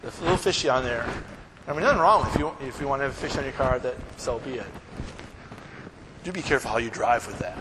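A man preaching a sermon as pastor, animated and often checking in with his congregation. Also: mid-range voice, fast talker, pauses often, in a large hall, noisy background.

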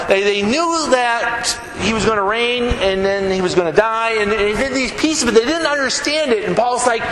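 A man preaching a folksy, animated sermon to his congregation, joking and reading scripture. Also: sits high, reverberant, long reverb tail, background noise. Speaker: pastor. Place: church sanctuary.

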